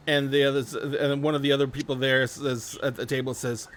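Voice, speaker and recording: A man's voice: medium pitch, flat delivery, brisk, few pauses, a bit bright. A man narrating a tabletop role-playing game as game master, telling the story in a loose, rambling way.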